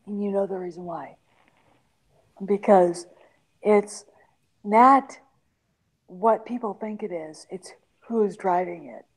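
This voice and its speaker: A woman in her forties in casual podcast chat, emphatic with halting restarts. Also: mid-range voice, poor audio. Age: 40s.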